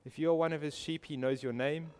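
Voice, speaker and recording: A fairly high-pitched man preaching a sermon with earnest conviction. He keeps putting direct questions to his listeners. His voice rings out with the long reverb of a large hall. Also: fairly even intonation, fast, darkish tone, smooth. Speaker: pastor.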